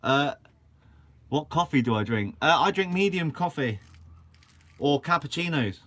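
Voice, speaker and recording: Fishing-channel host, young man from Guernsey, bubbly live-chat banter, slightly high voice. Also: expressive, measured pace, fairly bright tone. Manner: chatty and upbeat, swears casually. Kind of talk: casual live-stream chat. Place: shed.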